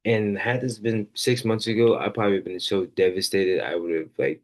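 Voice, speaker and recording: A man's voice: fairly low pitch, steady tone, normal speed. A man hosting a faith podcast, telling a personal story in a casual, rambling way with many fillers, earnest throughout. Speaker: podcast host.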